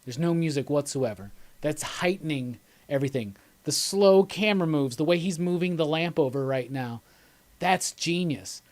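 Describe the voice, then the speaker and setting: A man with a slightly high, lively voice hosts a live movie commentary at a normal speed. He chats casually and enthusiastically with viewers, rambling and laughing as he goes.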